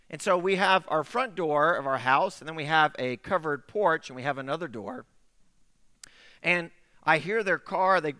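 A man's voice: fairly high pitch, pushed and bright, clean tone, dry recording, long reverb tail. A middle-aged man preaching a sermon, telling a personal story with acted-out dialogue. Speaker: pastor.

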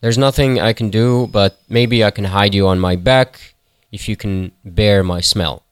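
A man's voice: fairly low pitch, steady tone, unhurried, clear, resonant tone, no echo, clean studio sound, close to an everyday voice. A man voicing a strong female mule in a folktale, who speaks in a blunt, confident way.

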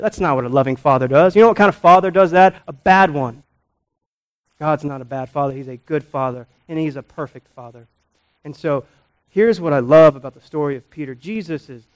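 Male pastor, slightly higher voice, preaching with big loud-to-soft swings. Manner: emphatic, swings from loud to quiet, repeats words. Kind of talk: sermon.

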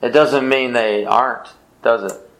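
A man's voice: medium pitch, fairly even intonation, unhurried, fairly bright tone, low-quality recording. A man leading an informal Bible study, teaching in an emphatic way, repeating phrases and answering his own questions.

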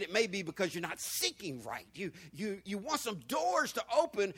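A male pastor preaching a sermon, throwing rhetorical questions at the congregation and swinging between hushed and loud. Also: high voice, big pitch swings, moderate pace, breathy edge.

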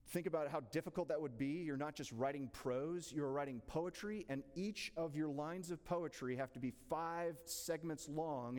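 A man's voice: fairly high pitch, darkish tone. A man teaching a church Bible class in a casual, chatty way, asking the room questions. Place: church hall. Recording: long reverb in a church hall.

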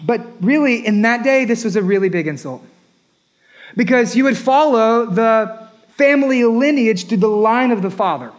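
A man's voice: very high voice, expressive, normal speed. A man preaching a sermon as a pastor, emphatic and repetitive, rising and dropping his voice for effect.

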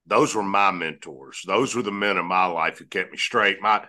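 Man, low voice with a forceful edge, earnest guest storyteller. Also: moderate pace. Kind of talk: storytelling interview answer.

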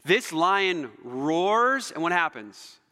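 Animated preacher in a reverberant hall. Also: male voice, on the high side, slow, clean tone. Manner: animated, dramatic storytelling with shifts between loud and soft. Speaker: pastor. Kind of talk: sermon.

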